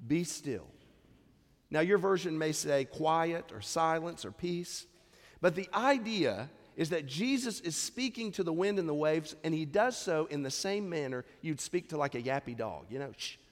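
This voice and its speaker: Animated male pastor in a reverberant hall. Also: a little high. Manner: conversational preaching with rhetorical questions. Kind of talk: sermon.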